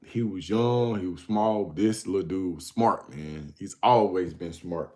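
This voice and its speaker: A man's voice: sits low, measured pace, darkish tone. A man hosting his own show, telling stories casually, often laughing and calling the listener bro. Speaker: host. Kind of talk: casual storytelling.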